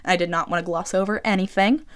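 A woman's voice: fairly low pitch, steady tone, quick pace. A woman of about twenty hosting her own podcast, chatting casually and rambling with lots of "like.". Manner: chatty, rambling, heavy use of "like". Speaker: podcast host. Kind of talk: casual solo podcast chat. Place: small room she records in.

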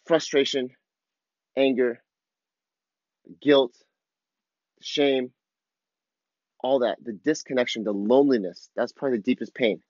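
Candid personal reflection from a man in his thirties, a father vlogger confessing his struggles and swearing casually. He has a medium-pitched voice, and the recording is dry and lo-fi.

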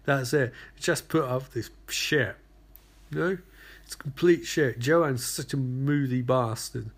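A man's voice: mid-range voice, slow. A man recapping a TV show in sarcastic, profane commentary full of rambling asides.

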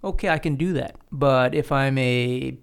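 A man's voice: mid-range voice, normal speed, creaky, clear, resonant tone. A man hosting a casual studio conversation, explaining his opinions at length with frequent restarts. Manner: opinionated, talks in long explanatory runs with restarts. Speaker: podcast host.

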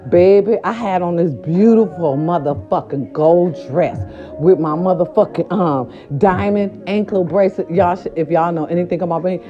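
A middle-aged woman telling a story casually to her viewers, animated and profane, repeating her filler words. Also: fairly low pitch, normal speed, muffled recording, faint music behind. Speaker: vlogger.

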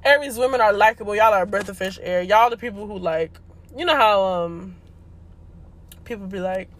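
A woman's voice: mid-range voice, moderate pace. A young woman hosting a podcast, talking in a chatty, slangy way with frequent laughter. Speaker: podcast host. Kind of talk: casual chat.

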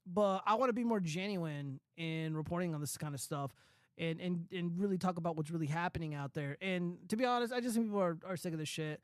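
A man's voice: high voice, quick pace, clear, resonant tone, no room sound, clean studio sound. A man hosting a casual commentary stream, reading news and chat comments in a loose, profane, rambling way with lots of fillers.

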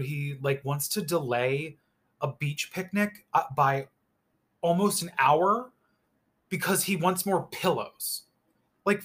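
A man's voice: on the high side, pushed and bright. A man giving a casual, opinionated recap of a reality show, rambling with lots of filler words and swearing freely.

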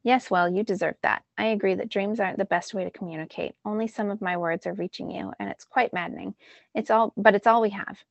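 A woman's voice: medium pitch, fairly quick, vocal fry, no room sound, muffled recording, lightly acted. A woman voicing a bossy, sarcastic female talking chicken in a storybook reading, snippy and impatient.

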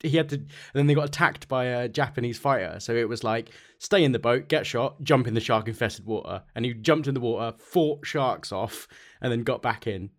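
A man's voice: medium pitch, brisk. A man co-hosting a casual comedy chat, wandering into side stories with lots of "like". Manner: chatty, digressive, many fillers. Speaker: podcast co-host.

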